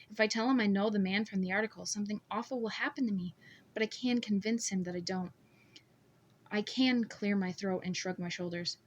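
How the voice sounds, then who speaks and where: A woman reading a first-person novel aloud as an amateur audiobook, steady and measured. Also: medium pitch, slight background noise. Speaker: audiobook reader.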